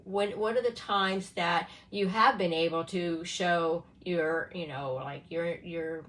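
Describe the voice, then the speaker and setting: A middle-aged woman speaks in a fairly low voice during a casual live session. She coaches parents in an earnest, searching way, restarting her phrases and checking in with "right?" as she talks. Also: fairly bright tone, rough recording.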